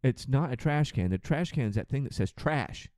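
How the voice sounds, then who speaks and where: Sarcastic cussing man ranting on a podcast, warm low tone, no room sound. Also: expressive, normal speed, no echo, clean studio sound. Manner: exasperated, sarcastic, profane. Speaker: flight attendant podcast host.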